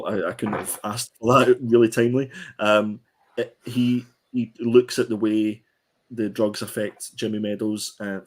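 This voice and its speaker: Co-hosting a comic book podcast, this man reviews a comic casually and easily in a slightly low voice. He frequently hesitates, padding pauses with ums and starting his sentences over.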